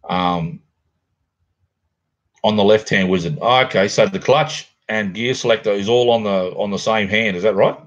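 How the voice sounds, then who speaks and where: This middle-aged Australian man, hosting a livestream from his home near a garage, talks at a normal speed in a fairly low voice. The audio is dull, and his style is rambling, laid-back and chatty with viewers.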